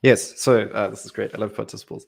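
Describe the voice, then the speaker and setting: A man explaining Greek grammar in a relaxed Bible study chat, playful and laughing often. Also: lowish voice, fast talker, gravelly, breathy edge.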